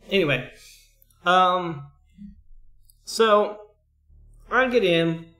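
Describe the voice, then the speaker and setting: Monotone profane man on a stream. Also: high voice, extremely slow, echoey room, faint music behind. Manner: blunt and profane, frequent throat clearing. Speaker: streamer, school IT worker. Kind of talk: casual chat on a livestream.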